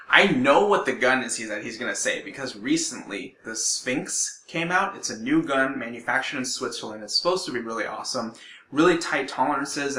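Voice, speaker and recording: Bright-voiced young man telling a story. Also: medium pitch. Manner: chatty, lots of "like" and restarts. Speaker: gun shop employee telling a work story. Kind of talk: casual storytelling to camera. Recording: echoey room.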